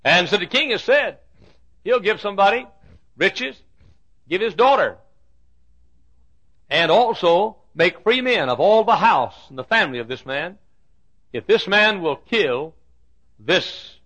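A man preaching a sermon, telling a Bible story with dramatic swings from loud declarations to hushed asides. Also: high voice. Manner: acts out the Bible characters' lines.

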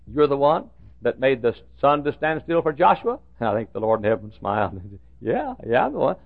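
An older male pastor preaching a sermon full of folksy stories, with a gravelly voice, swinging from loud preaching to hushed asides. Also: medium pitch, dry recording. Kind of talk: sermon with storytelling. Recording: tinny phone-like sound.

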